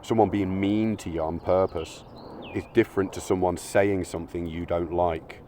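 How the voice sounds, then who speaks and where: A man's voice: sits low, steady tone, normal speed, warm tone, a little hiss or hum. A man giving a blunt, argumentative monologue, swearing often. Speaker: channel host. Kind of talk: opinionated monologue.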